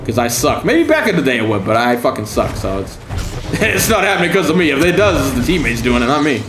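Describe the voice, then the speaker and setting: A man's voice: medium pitch, big pitch swings, quick pace, roomy sound, background noise. A man giving profane, sarcastic commentary while streaming a game, taunting opponents with mock-scared calls. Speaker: gaming streamer.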